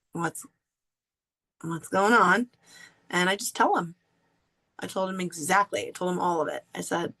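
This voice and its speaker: A woman podcast host telling a personal story in an earnest, confessional way with drawn-out pauses. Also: fairly low pitch, creaky, fairly bright tone.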